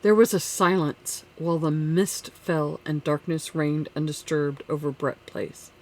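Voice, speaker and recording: Audiobook narrator, measured classic-novel storytelling, mid pitch. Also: fairly even intonation, darkish tone.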